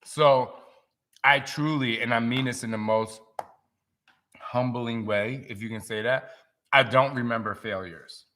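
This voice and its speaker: Bright, animated male host. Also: medium pitch, unhurried, a little hiss or hum. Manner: animated, emotional storytelling. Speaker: fitness trainer hosting a live stream. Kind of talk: casual live-stream chat.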